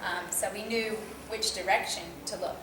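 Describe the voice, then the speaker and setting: A woman's voice: mid-range voice, fairly even intonation, normal speed. Laughing woman in an echoey hall. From Australia. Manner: chatty, laughs often. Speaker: convention panel guest. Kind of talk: casual Q&A chat. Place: large convention hall. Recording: echoey hall, from far off, noisy.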